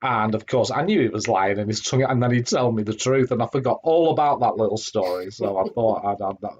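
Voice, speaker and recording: A middle-aged man hosts a live stream, chatting effusively in a casual way with plenty of fillers and restarts. His lowish, husky voice has a darkish tone and moves a little fast, picked up by a home streaming microphone.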